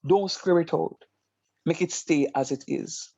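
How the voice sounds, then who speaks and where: A man teaches math online, shifting from emphatic stories into steady explanation. His voice sits a bit high. The call audio is dry and dull, with a lo-fi edge. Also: a little slow, gravelly, breathy edge, no echo. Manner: animated storytelling, emphatic.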